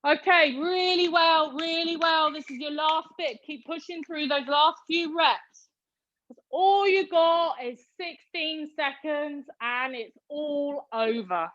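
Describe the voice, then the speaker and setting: A woman's voice: high voice, slow pace, a bit bright, dull audio. A British woman leading a live online workout class, calling out reps and counting down as she cheers her students on. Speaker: fitness instructor.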